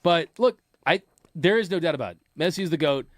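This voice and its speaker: A man's voice: on the high side, animated, fast talker, no room sound, studio quality. Playful male radio co-host.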